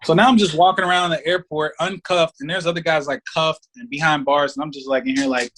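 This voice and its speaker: On a podcast as a guest, a man with a fairly high, fairly quick voice tells a story in casual, profane language. He's animated, acting out the voices of the people involved.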